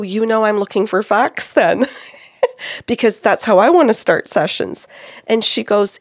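Middle-aged woman host, gravelly, close dry mic, animated storyteller. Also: mid-range voice, a little slow, no room sound. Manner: animated, quotes spirits and clients, laughs often. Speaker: psychic medium, co-host. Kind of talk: storytelling about a reading.

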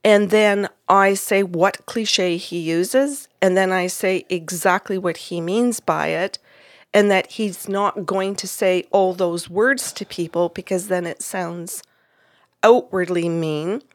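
A woman's voice: fairly low pitch, steady tone, takes it slowly, dry recording. A woman who works as a psychic medium, telling a story in conversation and acting out the dialogue. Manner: retells events with quoted dialogue.

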